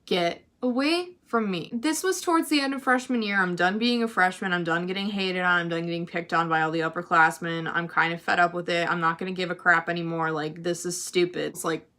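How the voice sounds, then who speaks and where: A teenage girl telling a storytime vlog, chatty and animated, full of "like". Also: fairly low pitch, fast, few pauses. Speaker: vlogger.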